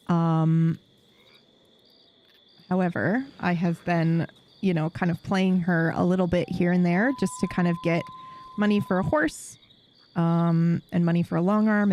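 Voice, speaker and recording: A woman's voice: on the low side, fairly even intonation, unhurried, creaky, pauses often, a little mellow. A woman streamer chatting casually with her live audience while playing a game, swearing freely and laughing often.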